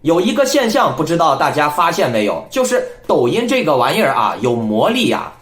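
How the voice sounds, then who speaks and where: Emphatic man lecturing, lively pitch. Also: brisk, roomy sound. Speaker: political commentary host. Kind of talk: casual political commentary.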